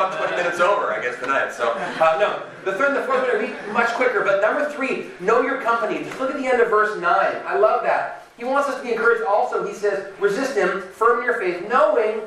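A man preaching a sermon in a conversational, animated way, acting out the voices of people he quotes. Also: high voice, very echoey, far from the mic, noisy background. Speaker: pastor.

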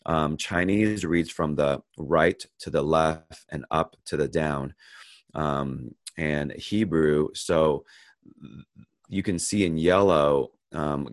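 A man leading a Bible lesson over a video call, praying first and then explaining a verse in a relaxed way with many pauses and restarts. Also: a bass voice, no echo. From United States. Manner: unhurried, thinking aloud with fillers and restarts. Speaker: Bible study teacher. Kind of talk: casual Bible lesson with opening prayer. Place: online video call, sharing a screen.

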